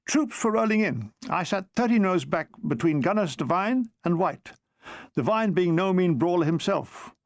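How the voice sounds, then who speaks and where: Male audiobook reader, high and gravelly, dry close sound, expressive comic delivery. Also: normal speed, dry recording. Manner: expressive reading with comic timing. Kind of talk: audiobook narration of a war memoir.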